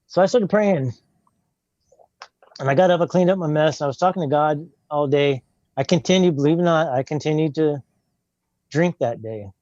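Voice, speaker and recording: An older man with a drawl tells his testimony in a plain, earnest way, often acting out his own past words. His voice is low and mellow, and the recording sounds dry and a little dull. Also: moderate pace, pauses often, no room sound. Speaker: guest telling his testimony. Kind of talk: personal testimony, casual storytelling.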